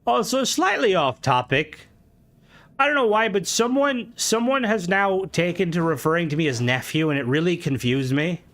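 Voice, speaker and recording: Expressive and a bit bright, this young Irish streamer talks at normal speed as he plays, joking, swearing, and reading comments aloud in a casual way. When he gets worked up, his voice jumps high.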